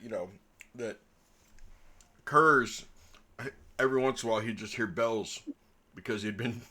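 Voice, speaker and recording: A man runs a tabletop game as its dungeon master, with a bright, clear tone at an ordinary pitch. He spins stories, laughs often and swears casually.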